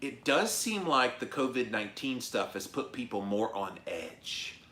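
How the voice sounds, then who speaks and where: Animated man hosting a live-stream chat. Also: mid-range voice, measured pace. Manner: animated, emphatic, chatty. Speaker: host of a live-stream show. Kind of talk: casual livestream chat reading comments. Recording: echoey room.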